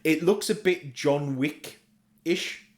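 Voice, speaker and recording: A man's voice: fairly high pitch, takes it slowly. A middle-aged Australian man co-hosting a podcast, rambling eagerly like a comic-book fan in casual chat. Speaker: podcast co-host.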